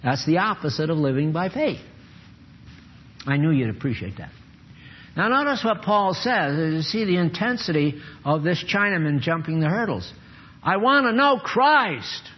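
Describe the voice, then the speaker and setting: An older man giving an informal, folksy sermon with chuckles and sudden animated bursts. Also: a little high, moderate pace, slight background noise. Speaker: preacher. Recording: dull lo-fi recording.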